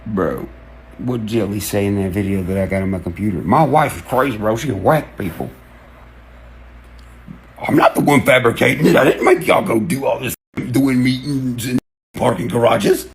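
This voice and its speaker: A man, ranting excitedly to camera, cursing and jumping from one topic to the next as he acts out quotes. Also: medium pitch, moderate pace. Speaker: online creator. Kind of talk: rambling rant to camera.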